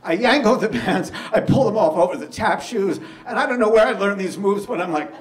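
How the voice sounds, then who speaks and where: A man telling a personal story with animated, self-deprecating delivery, acting out the scenes. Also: high-pitched, a little fast, distant mic. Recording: echoey room with clear background noise.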